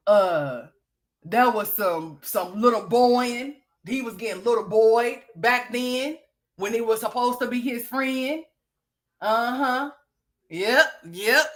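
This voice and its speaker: Brief: high-pitched woman host, sassy gossip commentary, teasing, laughs often. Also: fairly bright tone. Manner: sassy, teasing, laughs a lot, calls people girl and honey. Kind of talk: gossip commentary over played clips.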